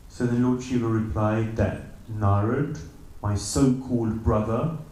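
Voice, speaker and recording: A man's voice: on the low side, steady tone, a little slow, a little mellow. A man giving a morning lecture in a temple, telling a story animatedly and putting on the characters' voices. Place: temple hall. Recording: very echoey hall, mic at a distance.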